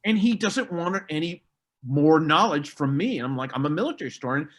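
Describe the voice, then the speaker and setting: Middle-aged man, military historian, lively swooping voice, slightly raised pitch, casual podcast chat. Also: fairly quick. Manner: animated, mocking impressions of others.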